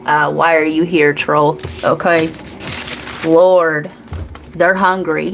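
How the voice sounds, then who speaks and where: A woman's voice: on the low side, fairly even intonation, slow, creaky, pauses often, a little hiss or hum, poor audio. A woman in her forties hosting a psychic reading channel, talking in a blunt, profane, rambling way and laughing often. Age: 40s.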